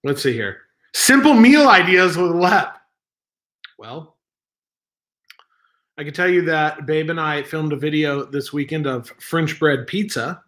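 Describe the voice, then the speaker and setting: A Southern California man fills in as host of a home live stream, rambling, joking at himself, and reading the chat aloud. His fairly high voice is expressive and fairly bright, with a measured pace and long pauses.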